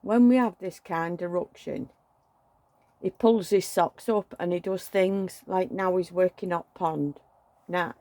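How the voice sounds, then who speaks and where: Creaky middle-aged woman. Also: on the low side, a little mellow, no echo. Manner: chatty, venting, emotional. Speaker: doll collector vlogger. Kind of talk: casual chat while dressing a doll. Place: at home.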